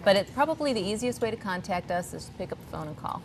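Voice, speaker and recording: A woman's voice: mid-range voice, expressive, quick pace, noisy background. A woman guest on a cooking show, speaking in an earnest, chatty way with some rambling. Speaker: guest from a youth charity. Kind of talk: TV talk-show interview.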